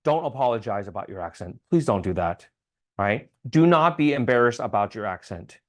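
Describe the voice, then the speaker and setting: A man's voice: on the low side, lively intonation, normal speed. Man giving a casual how-to talk. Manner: conversational, frequent ums and restarts, checks in with "okay?". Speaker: state legislator giving advocacy training. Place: town hall meeting.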